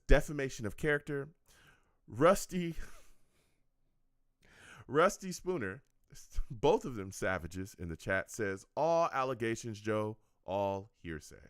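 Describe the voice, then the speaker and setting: A low-pitched man hosts his own fan sports show, and his voice swings widely up and down as he talks. He keeps asking his listeners "okay?" and "all right?" and keeps the tone joking and animated. The sound is close and dry, with little room in it. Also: clean tone, no room sound. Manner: animated, repeats himself, tags lines with "okay?" and "all right?"; joking and laughing at his chat. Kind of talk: casual call-in show wrap-up.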